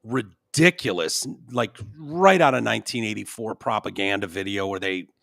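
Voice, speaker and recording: A man hosting a podcast in casual chat, halting with fillers and frequent throat-clearing. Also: on the low side, a bit bright, no room sound, studio quality. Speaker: podcast host.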